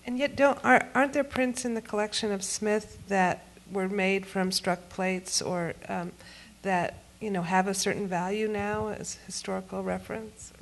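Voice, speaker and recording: A woman's voice: medium pitch, steady tone, normal speed, gravelly, few pauses, slight background noise. A woman on a museum panel, explaining points and asking follow-up questions. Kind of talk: panel discussion.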